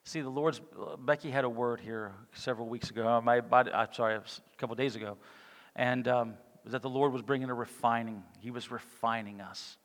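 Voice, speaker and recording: A male pastor preaching a sermon with passion, swinging between loud exclamations and hushed, quiet lines. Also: mid-range voice, fairly even intonation, a little fast. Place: church sanctuary. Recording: long reverb of a church hall.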